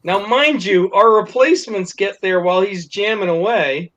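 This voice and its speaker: High-voiced man telling a casual story. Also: moderate pace, a bit bright. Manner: laughing, swearing, acts out quotes. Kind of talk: casual storytelling among friends. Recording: dull lo-fi recording with faint noise.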